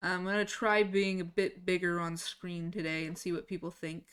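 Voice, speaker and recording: A woman's voice: fairly low pitch, level tone, moderate pace, few pauses, fairly bright tone, smooth. Chatty, scatterbrained woman streamer. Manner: chatty, scattered, swears casually. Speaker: livestreamer. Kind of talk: casual live-stream chat.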